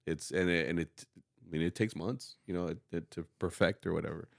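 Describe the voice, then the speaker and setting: Casting note: man, low voice, dry close mic, relaxed podcast host who directs school music and slips into Spanish. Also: a little fast, creaky, no echo. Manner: relaxed, rambling, laughs often, mixes in Spanish. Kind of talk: casual podcast chat.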